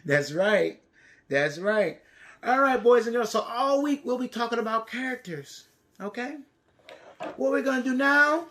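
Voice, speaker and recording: A male teacher reading a picture book aloud and teaching young children, playful and animated, talking to the kids. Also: high voice.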